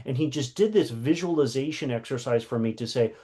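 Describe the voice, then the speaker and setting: A man's voice: medium pitch, a little fast, few pauses, dark tone. A man teaching a workshop lesson, telling a personal story in a conversational way with many fillers.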